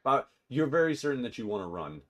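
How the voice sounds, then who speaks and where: A man's voice: mid-range voice, sing-song, fast, a bit bright. A man running a tabletop game as game master, chatty and often laughing as he narrates.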